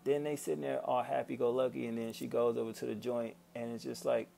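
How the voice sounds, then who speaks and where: A man's voice: mid-range voice, quick pace, vocal fry. A man giving a casual, profane movie rant on his vlog, exasperated, often acting out his own past reactions. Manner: profane, exasperated, animated quoting of himself. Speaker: vlogger.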